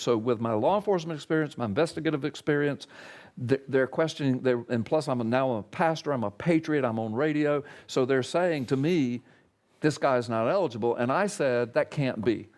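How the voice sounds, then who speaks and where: A man, a pastor, telling his story in an interview with an emphatic, animated manner. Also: medium pitch, fairly quick. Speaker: pastor and radio talk guest.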